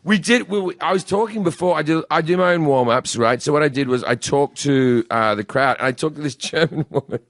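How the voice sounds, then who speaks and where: Gravelly Australian man telling crude jokes. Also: a little high, brisk, hardly any pauses, no echo, studio quality. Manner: crude joking storyteller, swears freely. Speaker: comedy show host. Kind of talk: casual podcast chat.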